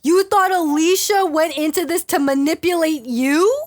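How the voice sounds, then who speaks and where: A woman with a high voice co-hosts a casual reality TV recap podcast. She sounds incredulous and mocking, acting out what people on the show said. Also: moderate pace. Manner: incredulous, mocking, acts out quotes. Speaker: podcast co-host.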